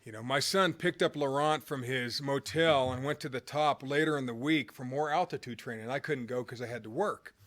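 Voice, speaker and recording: A man's voice: medium pitch, moderate pace, few pauses, fairly bright tone. A middle-aged man telling a motivational personal story in a casual, rambling way, with fillers and restarts. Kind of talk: motivational anecdote told conversationally.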